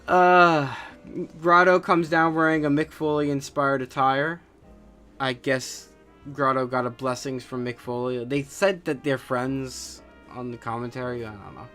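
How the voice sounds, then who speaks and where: A man's voice: mid-range voice, fairly even intonation, a little slow, sharp tone, soft background music. A man hosting a wrestling podcast on his own, ranting in a casual, profane and scornful way with lots of fillers. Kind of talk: casual solo rant.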